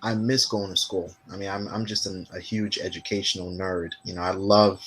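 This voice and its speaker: A man from Ghana telling funny stories in casual chat, animated and laughing often. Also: low-pitched, moderate pace, husky.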